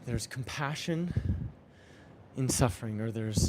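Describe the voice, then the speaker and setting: A man's voice: medium pitch, a little slow, background noise. A young man talking earnestly and reflectively while riding a bike outdoors in the rain, often repeating phrases to himself. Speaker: vlogger. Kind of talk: reflective spiritual vlog.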